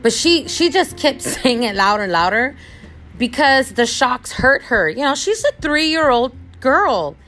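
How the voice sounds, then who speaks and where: A woman hosting a podcast, telling a personal story in a casual, animated, expressive way. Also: high voice, measured pace. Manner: animated, expressive, acts out quotes. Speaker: podcast host.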